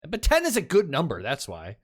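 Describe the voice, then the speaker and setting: A man's voice: a little high, wildly swooping pitch, a little fast. A man co-hosting a casual podcast, joking around, swearing freely and breaking into silly voices now and then. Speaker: podcast co-host. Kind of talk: casual chat.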